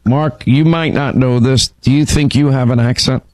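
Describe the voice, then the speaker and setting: A man's voice: mid-range voice, steady tone, normal speed, darkish tone, dry recording, rough recording. Radio host, man; emphatic, restarts often; dry studio mic. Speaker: radio talk show host. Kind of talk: call-in talk radio. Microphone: studio microphone.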